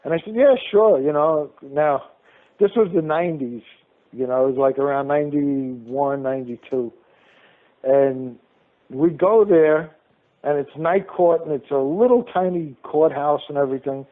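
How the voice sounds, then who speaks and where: A man, an interview guest, telling lively anecdotes and acting out each person's lines. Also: a little high, a little slow. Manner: animated storyteller who acts out each person's lines. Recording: phone-line call-in audio.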